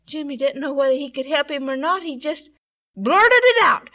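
A woman telling a story for children in a tender, dramatic, expressive way. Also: sits high, fairly quick. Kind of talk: storybook narration.

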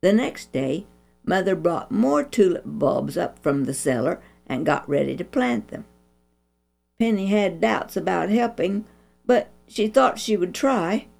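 A woman reading a Christian children's story aloud with an expressive, preachy manner. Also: fairly low pitch, measured pace, gravelly, faint music behind.

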